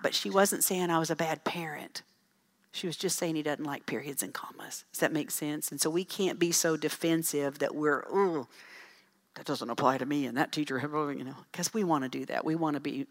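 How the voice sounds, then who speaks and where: A middle-aged woman speaking to a church audience, telling folksy, animated stories with asides about parenting. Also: low voice. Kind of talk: storytelling talk to an audience.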